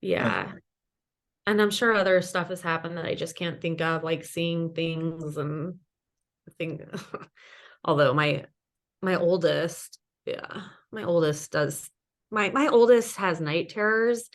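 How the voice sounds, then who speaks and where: A woman's voice: fairly low pitch, slow. A woman in her thirties, a podcast guest, chatting casually and rambling with many fillers. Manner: rambling, lots of "like" and "you know". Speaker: podcast guest, ghost hunter. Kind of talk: casual chat.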